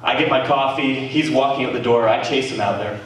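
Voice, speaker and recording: A man with a Canadian accent preaching a sermon as pastor, telling stories in an animated way with laughter and exclamations. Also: mid-range voice, brisk. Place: church meeting hall. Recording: echoey room from far off, faint noise.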